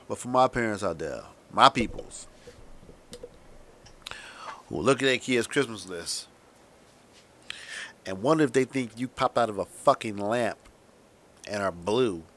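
A man with a slightly low voice holds forth as a podcast host in a comedic rant. He is sarcastic and crude, punching some words loudly and muttering others under his breath. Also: expressive, slow, long pauses. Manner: sarcastic, profane ranting; shifts between loud emphasis and muttered asides. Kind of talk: comedic monologue.

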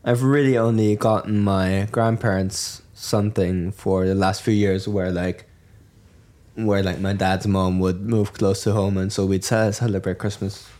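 Young guy from germany rambling on a podcast, lowish voice, lots of likes and restarts. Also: level tone, measured pace, a little mellow. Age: young adult. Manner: rambling, many restarts and fillers. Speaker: podcast co-host. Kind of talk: casual chat.

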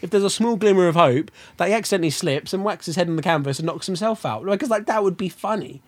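Brief: young guy, rapid rambling podcast chat, raised voice. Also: high voice. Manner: rambling, swears a lot, lots of fillers and restarts. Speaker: podcast co-host. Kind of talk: casual chat.

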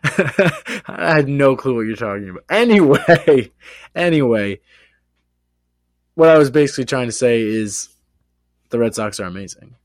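A man hosting a sports podcast, excitable and playful, hyping the show between casual chat. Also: medium pitch, moderate pace, pauses often, no echo. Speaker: podcast host.

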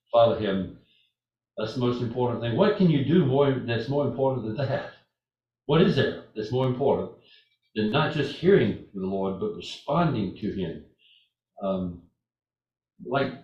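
Older man, sermon, earnest, repetitive, muffled dull sound, church hall. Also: mid-range voice. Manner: earnest and repetitive, with lively storytelling. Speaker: preacher. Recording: echoey hall from far off, dull.

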